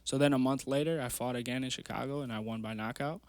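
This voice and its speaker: A man's voice: medium pitch, fairly even intonation, fast talker, dry recording. A young man in his twenties, a guest on a podcast, telling his story in a rambling, earnest way full of fillers. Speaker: guest, amateur MMA fighter. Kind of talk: casual storytelling interview. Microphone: podcast mic.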